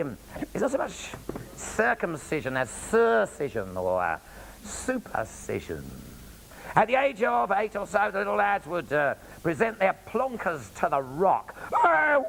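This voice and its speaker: Gravelly, lively raconteur. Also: male voice, a little high, slight background noise, low-quality recording. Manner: animated storytelling with cheeky asides. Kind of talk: comic travel monologue.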